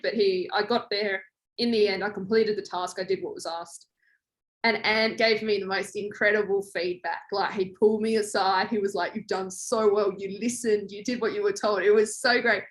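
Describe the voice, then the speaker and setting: A young woman guest in a podcast interview, telling a story in a lively way and acting out quoted lines. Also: a little fast. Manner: animated, acts out quoted lines with big pitch jumps. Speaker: guest, former reality show contestant.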